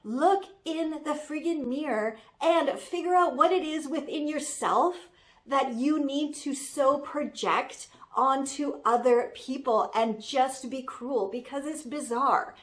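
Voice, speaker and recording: A woman's voice: high voice, slow pace. A woman voicing a sassy young Gen Z social media manager who rants in exasperation and fills her talk with "like". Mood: indignant. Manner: filler-heavy, exasperated ranting. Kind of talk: comic character rant.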